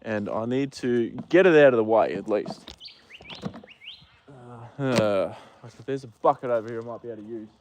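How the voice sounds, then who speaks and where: A man with an Australian accent, livestreaming from a paddock on his phone, chatting casually with viewers and talking gently to the horses. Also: medium pitch, normal speed, a little hiss or hum. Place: outdoor paddock.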